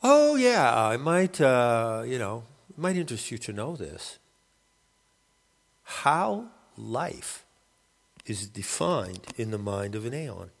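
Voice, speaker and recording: A man's voice: medium pitch, very animated, slow, vocal fry, long reverb tail, voice pushed up, full character voice. A man voicing an offhand female earth goddess spirit in a casual, chatty way.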